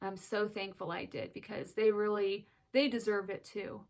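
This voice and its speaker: A woman's voice: medium pitch, flat delivery, moderate pace, a little mellow. Earnest, emotional young mother. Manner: earnest and emotional, close to tears at times. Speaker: mother of twin daughters sharing her story. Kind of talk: personal vlog, candid storytelling.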